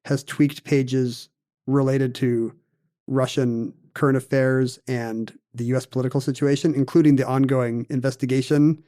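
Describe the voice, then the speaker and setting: A man's voice: medium pitch, little pitch movement, moderate pace, mellow. A man co-hosting a casual podcast, telling a story in a wry way with plenty of fillers. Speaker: podcast co-host.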